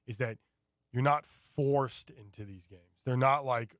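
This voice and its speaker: A man chatting casually on a radio show, telling a rambling, animated story with many fillers. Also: medium pitch, a little slow, no echo, studio quality. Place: radio studio.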